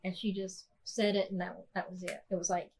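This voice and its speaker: Lady podcast host, soft-spoken, lots of ums and restarts, telling a personal story. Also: mid-range voice, little pitch movement, fairly quick, slightly rough, rough recording.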